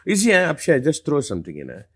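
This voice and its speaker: A middle-aged man with a slightly husky voice and a fairly high pitch for a man. His pitch swings a lot as he speaks. He talks emphatically and with passion, like a teacher in a live session. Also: wildly swooping pitch, very fast. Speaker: spiritual teacher. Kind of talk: live Q&A talk.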